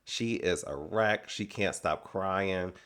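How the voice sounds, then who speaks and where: A man's voice: sits low, takes it slowly, clean tone. Chatty man recapping TV. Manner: chatty, animated storytelling with quoted asides. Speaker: recap host. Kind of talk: casual reality TV recap.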